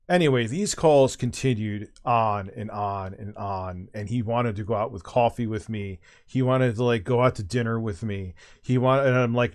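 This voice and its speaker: A man's voice: fairly low pitch, normal speed. A middle-aged man chatting casually as a streamer, telling a long rambling anecdote with swearing and restarts. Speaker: streamer and host. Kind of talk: casual chat, storytelling.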